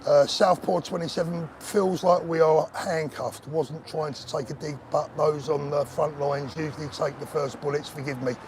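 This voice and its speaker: An older man talks straight to his viewers on a live stream, earnest and emotional, his voice sitting a little high for a man. Faint street noise and passing traffic hum behind him outdoors. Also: steady tone, moderate pace, hardly any pauses, darkish tone. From England. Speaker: livestream host. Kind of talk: live-stream chat reading viewer comments.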